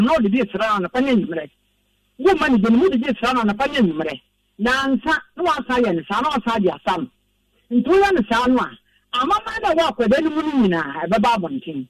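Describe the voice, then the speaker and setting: A high-voiced woman with a very lively, rising and falling delivery explains how to use an herbal remedy, repeating each step. Her voice sounds dry and set back from the microphone. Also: no room sound, far from the mic, low-quality recording. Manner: explains remedy steps patiently, repeating key points. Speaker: herbal medicine maker, radio guest. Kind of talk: radio interview.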